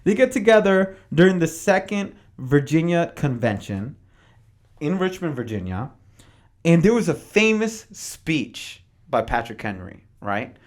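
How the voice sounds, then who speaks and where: Male podcast host, fairly high, very expressive pitch, casual and animated, reads passages then riffs. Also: a little slow. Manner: animated, dramatizes history with slangy asides. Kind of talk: casual podcast talk mixed with reading from notes.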